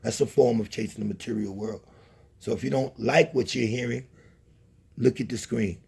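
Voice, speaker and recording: A man's voice: medium pitch, steady tone, moderate pace, vocal fry, a little mellow, breathy edge. A man delivering a scolding, preachy monologue to camera, repeating himself as he lectures. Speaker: channel host.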